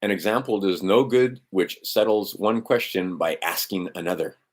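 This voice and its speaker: At normal speed and sitting low in pitch, a middle-aged man scrolls through an on-screen document for his legal maxims stream. He chats casually and rambles, tossing in sardonic, profane comments.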